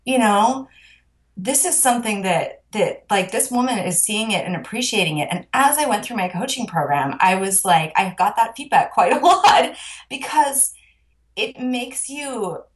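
A woman's voice: medium pitch, animated, normal speed. A woman life coach telling her personal story in a casual, earnest way, with lots of fillers. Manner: earnest and emotional, filler-heavy with many "like"s.

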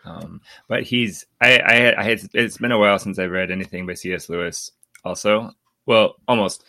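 A man's voice: sits low, moderate pace, vocal fry, sharp tone, no room sound. A man in his thirties hosting a casual book-club podcast, rambling with many restarts and laughing often. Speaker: podcast host.

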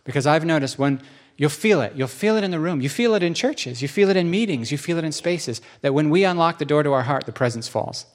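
Conversational male preacher, fairly high voice. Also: lively intonation, a little fast, few pauses. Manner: conversational, with acted-out quotes and rising emphasis. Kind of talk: sermon.

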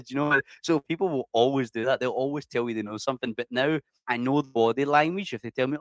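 A man tells stories as a podcast guest in a casual, sweary and animated way. His voice sits at a middle pitch and sounds close and dry. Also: fast, hardly any pauses, dry recording. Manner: swears freely, animated, many restarts. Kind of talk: casual storytelling interview.

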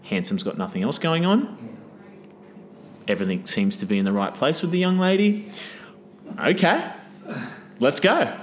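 A man with a fairly low voice tells a rambling, crude story in casual conversation. He swears freely, laughs at his own punchlines and keeps checking in with asides. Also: sing-song, fairly quick, pauses often, a little hiss or hum. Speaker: podcast guest.

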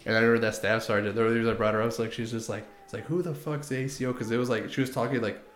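A man's voice: medium pitch, steady tone, racing, fairly bright tone, roomy sound. A young man, a former Marine, telling service stories in a rambling casual way, full of "like" and acted-out quotes. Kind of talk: casual podcast storytelling.

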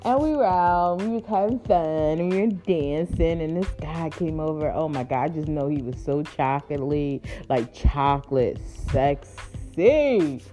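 A woman spins a funny personal story in a casual, laughing way. Her voice is mellow, and her pitch jumps around with lively swings. Soft music plays faintly in the background. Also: a little slow, hardly any pauses. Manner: playful, laughing, chatty, addresses listeners as y'all and honey.

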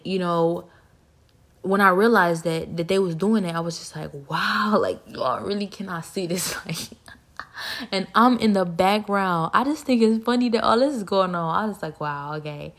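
Animated woman rambling in a personal vlog. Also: on the low side. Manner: rambling, animated, laughs often, drops to near-whisper at times. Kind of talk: casual personal monologue.

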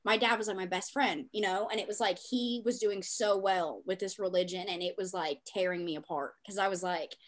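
A woman's voice: medium pitch, steady tone, a little fast, hardly any pauses. A young woman on a podcast, tearful and fighting back tears, swearing freely in emotional casual chat.

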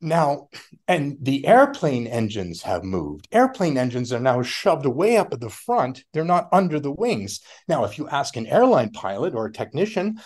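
A middle-aged man talking casually as a podcast guest, rambling and animated, often laughing and acting out other people's voices. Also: medium pitch, normal speed. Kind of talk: casual conversation.

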